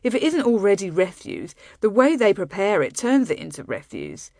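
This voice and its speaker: A woman's voice: medium pitch, huge pitch swings, moderate pace, darkish tone, no echo, clean studio sound. A woman voicing a scornful young female warrior who speaks bluntly and sneers. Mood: disgusted.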